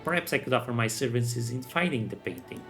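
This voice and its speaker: A man's voice: mid-range voice, lively intonation, fast talker, natural voice. Guy doing a super polite half-orc lady adventurer, formal talk, some music behind. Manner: formal, courteous.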